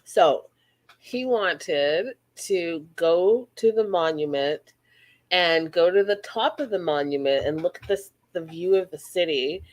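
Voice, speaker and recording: A woman from Canada hosting a casual reality TV recap, blunt and animated, acting out quotes. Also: lowish voice, takes it slowly.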